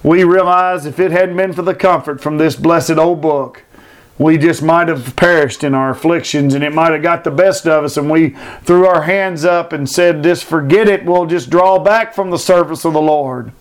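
A man's voice: a little high, moderate pace. A man preaching a sermon, building fervent repeated phrases and reading scripture aloud. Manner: fervent, repetitive emphatic preaching.

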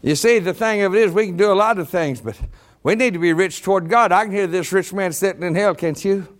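A man preaching a sermon to a congregation, rising to shouted emphasis. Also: high voice, a little fast. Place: church congregation.

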